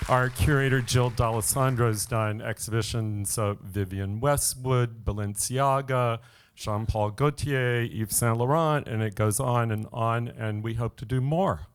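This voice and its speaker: A man from the museum speaking at a panel event, brisk and plain as he wraps it up. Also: mid-range voice, clear, resonant tone. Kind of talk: event talk.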